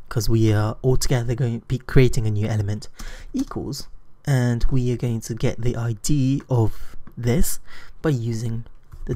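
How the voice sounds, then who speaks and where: Mellow-voiced man explaining code. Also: medium pitch. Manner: unhurried, thinks aloud with frequent fillers. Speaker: programming tutor. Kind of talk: screen-recorded coding tutorial.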